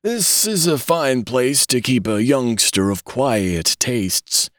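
A man's voice: mid-range voice, lively intonation, slow pace, a bit bright, dry recording, voice pushed up. A man puts on a cranky old man's voice, thin and quavering, raised well above his normal register. He whines and complains fussily in a storybook reading, all of it recorded dry and close. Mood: complaining. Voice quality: whining, quavering. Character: querulous old man who is a newborn, male.

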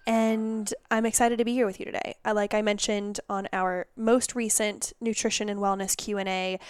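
A woman's voice: medium pitch, smooth, no room sound, clean studio sound. A young woman hosting her own podcast, congested from a cold, chatting casually and rambling with self-mocking asides into a microphone. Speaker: podcast host and holistic nutritionist. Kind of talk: casual solo podcast chat.

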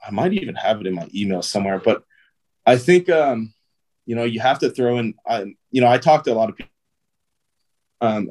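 A man's voice: on the low side, darkish tone. A man, a pro baseball player, telling stories as a guest in a casual interview, loose and chatty with lots of "um", "like" and "dude".

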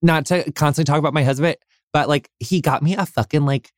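A man's voice: a little high, fast talker, no room sound, studio quality. An American man hosting a podcast interview, gushing and effusive, full of fillers and casual swearing. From United States. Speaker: podcast host.

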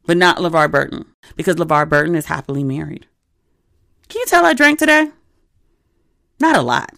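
A woman's voice: sits low, expressive, normal speed, gravelly, fairly bright tone, no echo. Woman in her thirties, casual podcast host, candid and chatty, dry close recording. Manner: chatty, candid storytelling with asides. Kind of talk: casual chat.

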